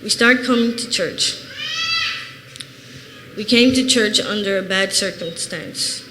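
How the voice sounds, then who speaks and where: A woman's voice: mid-range voice, slow pace. A woman in her thirties from Chicago giving an earnest, plain-spoken personal testimony in a church. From Chicago, USA. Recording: reverberant church hall, faint noise.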